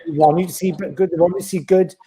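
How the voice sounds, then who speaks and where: A man's voice: high voice, fast, slightly rough. A man talking bluntly and energetically in a casual podcast chat. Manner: blunt, animated, acts out quoted voices.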